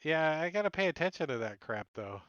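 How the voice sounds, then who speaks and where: A man's voice: fairly high pitch, sing-song, fairly quick, a bit bright, dull audio. A man running a tabletop game as dungeon master, narrating loosely, swearing, laughing and adding sound effects.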